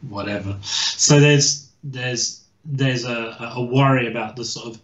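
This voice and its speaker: A man's voice: medium pitch, unhurried, a bit bright. Hesitant male historian on an echoey call. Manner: hesitant, many restarts and fillers. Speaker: guest historian. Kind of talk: casual expert explanation. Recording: echoey and dull lo-fi.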